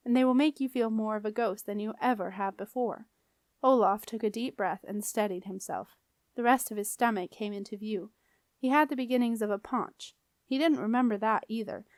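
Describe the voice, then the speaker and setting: Clear, dry-voiced woman reading a storybook. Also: on the high side, no room sound. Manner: calm, clear and expressive reading. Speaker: audiobook reader. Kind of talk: storybook narration.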